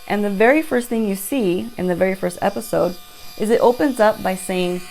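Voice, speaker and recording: A woman's voice: mid-range voice, a little fast, darkish tone, a little hiss or hum. A woman beauty vlogger telling a rambling, chatty storytime with playful asides, recorded on her phone at home at night. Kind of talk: casual storytime chat.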